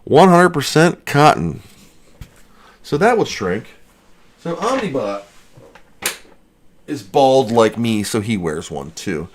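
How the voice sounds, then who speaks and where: A man's voice: mid-range voice, very animated, takes it slowly, long pauses, slight background noise. A man hosting a casual livestream from his basement studio, rambling and joking as he answers chat questions. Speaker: livestream host.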